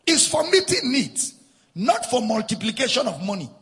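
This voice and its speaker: Emphatic, gravelly-voiced preacher in a hall. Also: male voice, very high-pitched, sing-song, normal speed, fairly bright tone, soft background music. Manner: emphatic preaching with repetition and sing-song stresses. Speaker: pastor. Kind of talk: sermon.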